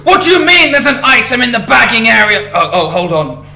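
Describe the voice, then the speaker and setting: A man's voice: very high voice, very animated, fairly quick, gravelly, sharp tone, reverberant, pitched above the performer's own voice, full character voice. A man voicing an exasperated, petulant devil who complains at everything. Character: petulant male devil losing his temper.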